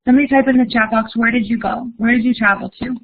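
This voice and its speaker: A young woman gives a live online Spanish lesson, reading chat responses with upbeat encouragement. She talks at a quick pace in a slightly high voice with fairly even intonation, and the sound is narrow like a phone line.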